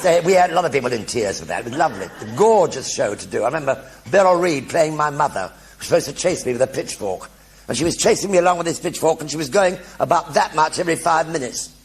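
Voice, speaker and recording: An older man telling anecdotes in a one-man stage show before an audience, animated and acting out the voices of everyone in his stories. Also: fairly high pitch, quick pace. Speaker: stage performer.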